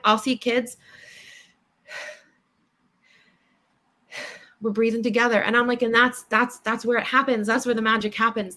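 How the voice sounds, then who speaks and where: A young woman, a child therapist, talking casually as an interview guest and animatedly acting out what kids say. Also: fairly high pitch. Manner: animated, acts out kids' voices with laughs.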